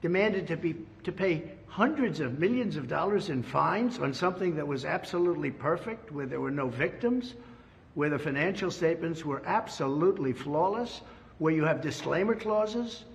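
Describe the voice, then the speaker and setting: A man's voice: on the high side, animated, normal speed, gravelly, big-room sound, slight background noise. An older man from the United States giving an emphatic, repetitive press statement as a former president. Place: indoor press room.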